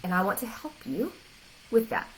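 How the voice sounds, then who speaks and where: A woman's voice: a little high, lively intonation, moderate pace, creaky, a little hiss or hum, low-quality recording. A woman life coach giving a faith-based encouragement talk, earnest, direct and emotional.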